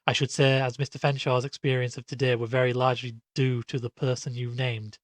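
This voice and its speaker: A man's voice: mid-range voice, flat delivery, fairly quick, no room sound, lightly acted. A man voicing an old male servant who speaks in a tremulous, rustic and formal way. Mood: earnest.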